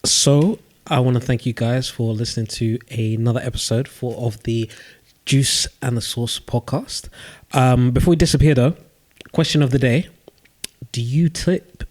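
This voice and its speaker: A man's voice: medium pitch, steady tone, normal speed, a little mellow. A man, co-hosting a podcast in casual, easygoing chat and wrapping up the episode. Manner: easygoing, short agreeing replies. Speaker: podcast co-host.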